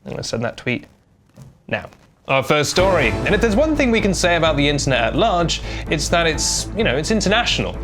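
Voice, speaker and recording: A man's voice: a little high, big pitch swings, a little fast, music in the background. A young man hosting a comedic online news show, delivering stories with sarcastic, jokey asides. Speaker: host.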